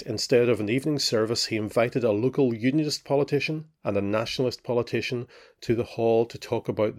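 A middle-aged man from Northern Ireland hosting his own show, reading a scripted personal account in a measured, reflective way. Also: mid-range voice. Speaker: podcast host.

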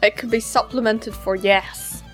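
A woman co-hosting a podcast, speaking in a deadpan way. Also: mid-range voice, a little slow, faint music behind. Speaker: podcast co-host. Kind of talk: casual podcast chat.

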